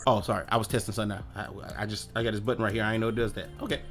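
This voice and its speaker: A man's voice: on the low side, flat delivery, racing, a bit bright, soft background music. A man hosting his own live stream in loose, rambling casual chat, swearing offhandedly and talking to himself as he clicks around.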